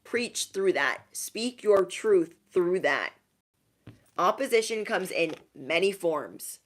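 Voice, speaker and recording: A woman's voice: lively intonation, takes it slowly, background noise. A woman giving a casual tarot reading to her viewers, sassy and emphatic, repeating lines for effect. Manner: mocks others in high put-on voices. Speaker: tarot reader.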